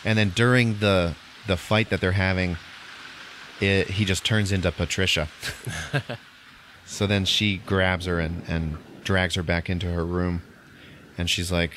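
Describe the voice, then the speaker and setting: Guy on a movie podcast retelling the plot, slightly low voice, does little voices for everyone, keeps laughing. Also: fairly bright tone, a little hiss or hum. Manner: acts out characters' lines in quick impressions, laughs often. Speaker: podcast host. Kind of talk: casual movie recap.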